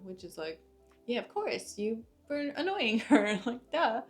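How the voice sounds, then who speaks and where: A woman's voice: medium pitch, big pitch swings, unhurried. A young woman talks through an anime episode in a loose, chatty recap. She leans on fillers and trails her sentences into one another, with faint music behind her. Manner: chatty, uses many fillers like "like" and "uh". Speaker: anime reviewer.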